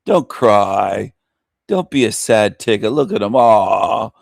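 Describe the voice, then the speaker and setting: A man's voice: on the low side, expressive, measured pace, creaky, dry recording, clean studio sound. A male radio host in a crude, ranting shock-jock monologue, who often laughs at his own jokes.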